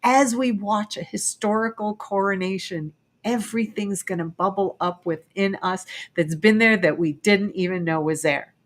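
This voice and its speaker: A woman's voice: mid-range voice, moderate pace. A woman hosting a spiritual talk show, speaking in an earnest way as she introduces a meditation. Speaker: show host.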